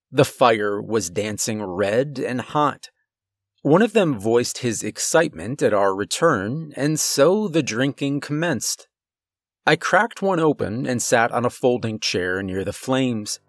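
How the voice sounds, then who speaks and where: A man giving a measured, low-key scripted horror narration. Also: no echo.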